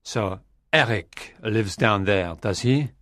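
A man's voice: fairly low pitch, expressive, slow, fairly bright tone, no echo, clean studio sound. A man voicing an earnest young man in love who urges and reassures, as an audiobook character voice. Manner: earnest, urging.

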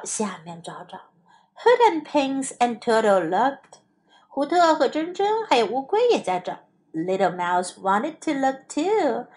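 A woman English teacher narrating a children's story in two languages, slow and expressive. Her voice sits high and swings widely in pitch, taking each phrase at an easy, unhurried pace. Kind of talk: bilingual children's story reading.

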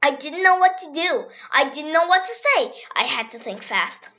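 A child reading a funny children's story aloud in a lively, expressive way. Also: sits high, normal speed. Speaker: reader.

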